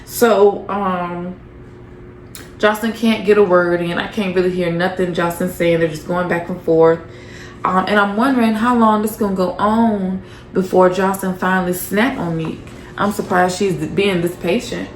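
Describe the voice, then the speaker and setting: A woman's voice: mid-range voice, fairly even intonation, normal speed, reverberant, slight background noise. A woman casually recapping a reality show episode, gossipy and profane, with lots of fillers.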